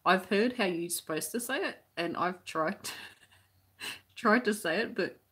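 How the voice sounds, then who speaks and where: A woman's voice: medium pitch, measured pace, a bit bright, slightly rough. An Australian woman who teaches crochet, chatting casually on a live stream as she reads out viewer comments, rambling with many restarts.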